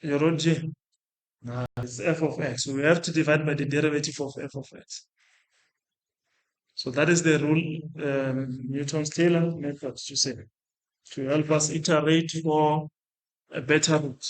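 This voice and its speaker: A man teaching a maths lesson step by step, talking through his working aloud and often restarting or correcting himself. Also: on the high side. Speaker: maths lecturer. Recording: echoey room.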